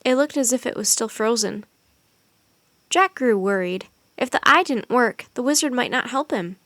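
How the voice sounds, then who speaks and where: A woman reading a children's chapter book aloud as a storyteller, steady and expressive. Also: a little high, moderate pace, dry recording.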